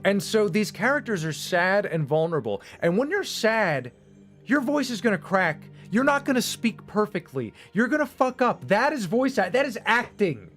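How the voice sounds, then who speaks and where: A man's voice: sits high, big pitch swings, normal speed, fairly bright tone, faint music behind. A man streaming and going off on a casual, profane, emphatic rant. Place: home streaming setup.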